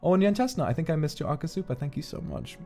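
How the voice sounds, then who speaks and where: A man chatting casually on a live stream, animated and quick to jump into voices. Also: a little high, soft background music. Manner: animated, jumps into voices and laughs.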